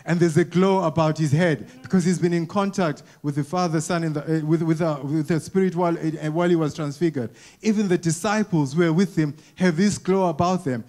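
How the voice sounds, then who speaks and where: A man's voice: fairly high pitch, fairly even intonation, fairly quick, darkish tone. A man preaching a conversational sermon to a church congregation, often repeating words as he goes and asking the people questions. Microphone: wearing a mic.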